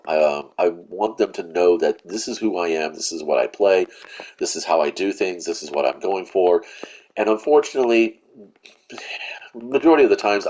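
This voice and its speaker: A man's voice: low voice, a little mellow. A man giving profane, rambling commentary while he plays a game, venting his frustration. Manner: rambling with restarts and fillers. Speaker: gaming channel host. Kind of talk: live gameplay commentary.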